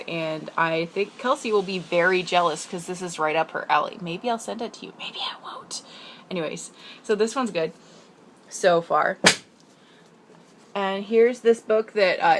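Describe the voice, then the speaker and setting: A young woman from the Pacific Northwest rambling in a casual video letter to her sister, chatty and self-deprecating with quick asides. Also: fairly low pitch, a bit bright, a little hiss or hum. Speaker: vlogger.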